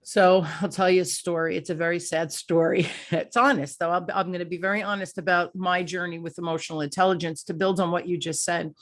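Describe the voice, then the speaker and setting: A middle-aged woman hosts an interview show in a slightly low voice. She tells her stories candidly and acts out her own thoughts as she goes. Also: little pitch movement, fairly quick, few pauses. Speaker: podcast host. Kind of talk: conversational interview.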